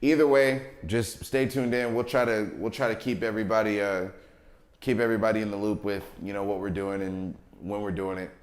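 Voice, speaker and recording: A man's voice: fairly low pitch, steady tone, fairly quick. Laid-back slangy man in an echoey room. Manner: laid-back slangy banter, laughs often. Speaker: podcast co-host. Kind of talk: casual chat. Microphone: livestream mic.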